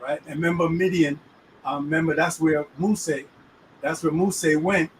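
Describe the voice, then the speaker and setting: In a moving car, with faint road noise on a distant mic, a man hosts a casual conversation about the weekly Torah portion. His voice is a little high and steady at a moderate pace, and he leans on street slang, often checking the listener follows along.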